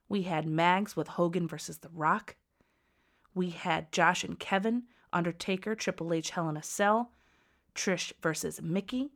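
A woman in her thirties hosting a podcast, bubbly and laughing, swinging from loud to soft. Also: lowish voice. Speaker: podcast host.

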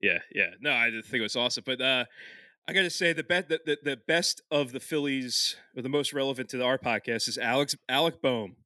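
A man's voice: medium pitch, brisk, sharp tone, no echo, clean studio sound. A man co-hosting a podcast in casual chat, rambling, swearing and laughing often between thoughts. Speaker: podcast co-host.

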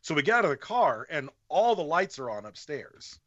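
A podcast guest with a slightly high voice tells a story in casual chat at a moderate pace, swearing freely and animatedly acting out other people's lines. The audio is a little muffled, with no echo.

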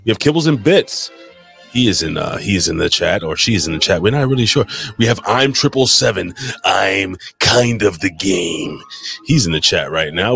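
A slightly low-voiced man hosts a live podcast, rattling off shout-outs with crude, showman energy. Casual banter with faint music behind him. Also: lively intonation, moderate pace, gravelly, breathy edge. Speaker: podcast host.

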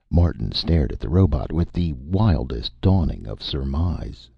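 A man's voice: extremely low pitch, lively intonation, unhurried, creaky, hardly any pauses, husky, dry recording. A man narrating a science fiction story as an audiobook reader. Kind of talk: scripted narration. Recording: dull lo-fi dry recording.

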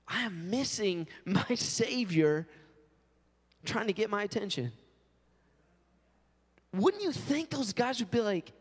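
A male pastor preaching a sermon in an animated way, acting out quotes. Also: high-pitched, moderate pace, long reverb tail.

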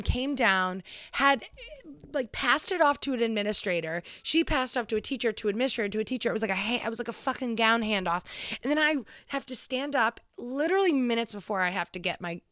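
A woman's voice: fairly high pitch, fairly bright tone, clean tone, no echo, clean studio sound. A young woman telling a long story in casual, profane chat.

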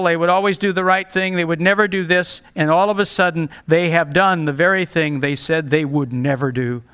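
A man's voice: on the high side, fairly bright tone, clear, resonant tone. A male pastor preaching a sermon, earnest and direct, pleading with his listeners.

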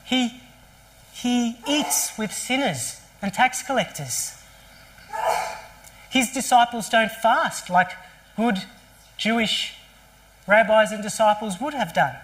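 A pastor preaching at a church service, with a voice of middling pitch. The delivery is animated storytelling, full of rhetorical questions and quick restarts. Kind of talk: sermon.

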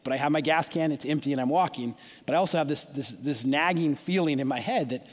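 A man with a fairly high voice tells a story from the pulpit, animated and full of restarts and asides. A long hall reverb trails behind his words. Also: quick pace. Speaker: preacher. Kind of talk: sermon storytelling.

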